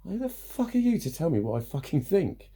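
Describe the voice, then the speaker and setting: A man's voice: fairly high pitch, sing-song, normal speed, mellow, husky. A man venting bluntly in a casual vlog, swearing freely and laughing between points. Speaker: vlogger. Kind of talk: casual rant to camera.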